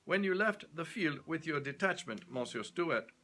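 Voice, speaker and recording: A man's voice: a little high, lively intonation, bright, forceful tone, a little hiss or hum, voice pushed up. A man doing a shrewd commanding investigator. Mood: probing. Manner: probing, measured questioning.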